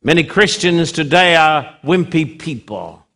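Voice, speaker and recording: A man preaches with a slightly high voice, taking his time over each phrase. He builds lines up to loud peaks, then drops to a near hush. His delivery is dramatic and full of repetition. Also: expressive. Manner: dramatic, swinging between loud emphasis and hushed drops; slow, deliberate phrasing with repetition. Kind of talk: sermon.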